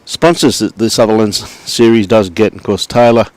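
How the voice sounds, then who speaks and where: A middle-aged Australian man doing relaxed live commentary on lawn bowls, chatting and greeting viewers by name. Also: lowish voice, moderate pace, no room sound.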